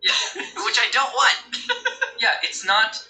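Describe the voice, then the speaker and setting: A man's voice: very high-pitched, wildly swooping pitch, slow, sharp tone, slight background noise. A man chatting casually as a podcast host, ranting with exasperated energy and breaking into laughs. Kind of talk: casual chat. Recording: echoey room, distant mic, music behind.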